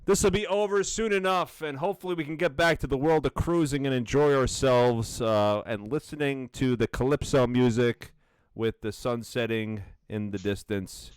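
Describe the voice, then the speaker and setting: A man's voice: mid-range voice, moderate pace, clean tone, no room sound, studio quality. A man co-hosting a casual live talk show, telling stories animatedly, laughing often and saying "like" a lot. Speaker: co-host. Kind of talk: casual live-stream chat.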